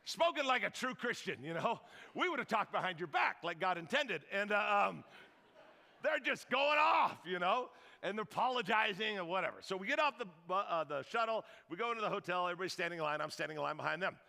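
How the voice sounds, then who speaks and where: High, gravelly-voiced pastor in a big hall. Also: male voice, quick pace. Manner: animated storytelling with quoted voices and jokes. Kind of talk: sermon.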